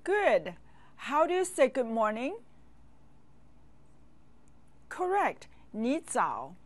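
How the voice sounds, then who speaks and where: A woman teaching a language lesson, speaking slowly and patiently and pausing for learners to repeat after her. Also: high-pitched, very animated. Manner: slow, patient drills with pauses for repeating.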